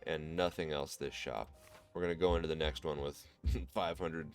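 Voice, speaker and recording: Low-voiced Midwestern man narrating a card game. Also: fairly even intonation, normal speed, faint music behind. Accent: American Midwest. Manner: thinks aloud, explains card choices to viewers. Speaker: gameplay commentator. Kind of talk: relaxed let's-play commentary.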